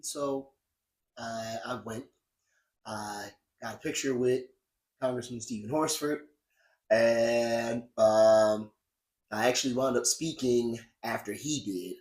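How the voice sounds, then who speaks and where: A man's voice: mid-range voice, slow, darkish tone. A man hosting a podcast, giving blunt, profane political commentary that grows heated and emphatic. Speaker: podcast host. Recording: roomy echo.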